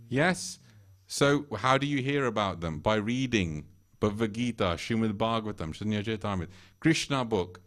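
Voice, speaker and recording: A male temple speaker delivering a conversational sermon. He chuckles often and briefly acts out the voices of the people in his stories. His pitch sits in the middle range for a man. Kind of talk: sermon retelling scripture stories. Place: temple hall.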